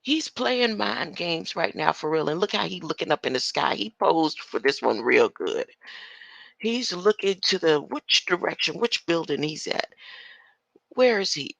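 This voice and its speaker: A woman's voice: on the low side, lively intonation, unhurried, gravelly, a bit bright, dry recording. An older woman in a casual livestream rant, confrontational and tossing in rhetorical questions as she goes. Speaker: online commentator.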